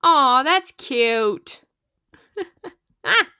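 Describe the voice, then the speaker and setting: Bright, high-voiced young woman streamer. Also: expressive, extremely slow, no echo, clean studio sound. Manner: chatty, giggly, lots of fillers. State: sleepy, yawning. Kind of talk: casual chat while livestreaming a game.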